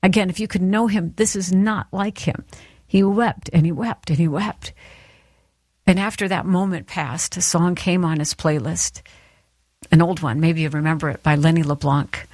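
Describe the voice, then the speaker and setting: A woman delivers an earnest devotional talk in a fairly low voice, speaking straight to the listener with encouragement. The sound is dry and close, with no room around it. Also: moderate pace, darkish tone, no room sound. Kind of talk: sermon-style devotional talk.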